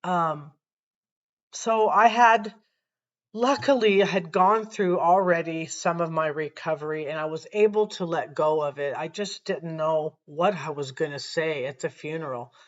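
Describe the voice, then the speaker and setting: A woman sharing a personal faith testimony to camera, earnest and reflective, often pausing and restarting her sentences. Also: low-pitched, highs cut off.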